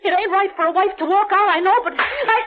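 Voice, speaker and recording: A woman's voice: very high voice, fast talker. An actress playing a frightened young wife begging her husband to flee, pleading and tearful, in 1940s radio acting. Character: desperate frightened young wife of a small-time dancer. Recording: dull old radio recording.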